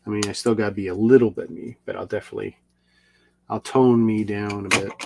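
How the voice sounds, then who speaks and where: Middle-aged male vlogger, casual rambling storyteller, low gravelly voice. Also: fairly even intonation, a little fast, slight background noise. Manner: rambling, repeats and restarts. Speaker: video creator.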